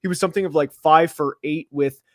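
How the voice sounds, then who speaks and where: A man co-hosting a casual football podcast, talking fast with lots of fillers and getting openly worked up about play calls while seated. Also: on the high side, dry recording, studio quality. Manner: animated, gets worked up, many fillers. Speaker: podcast co-host. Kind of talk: casual sports podcast analysis. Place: seated at home studio.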